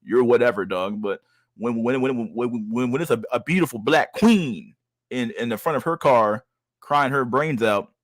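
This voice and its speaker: A man's voice: medium pitch, moderate pace, no room sound. Profane, ranting male streamer. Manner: profane, ranting, repeats words, says "dog" a lot. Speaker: streamer host. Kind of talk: casual chat reacting to clips.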